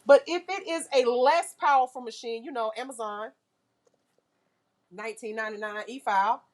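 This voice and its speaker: A woman teaching a nail class, lively and full of questions to her students. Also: on the high side, normal speed. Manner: lively, asks the class questions, uses car comparisons. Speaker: nail instructor. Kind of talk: classroom lecture.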